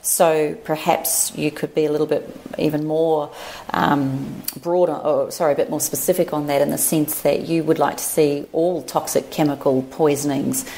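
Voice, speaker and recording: A woman's voice: low voice, fairly even intonation, normal speed, mellow, slight background noise, poor audio. A woman hosting a podcast, asking thoughtful, probing questions. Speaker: podcast host. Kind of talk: interview questions.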